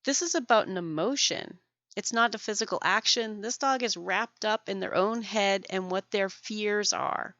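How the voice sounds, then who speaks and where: A woman hosting a podcast for dog groomers, explaining things in an animated way, acting out examples and laughing often. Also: mid-range voice, normal speed, no room sound, dull audio. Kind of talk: educational podcast monologue.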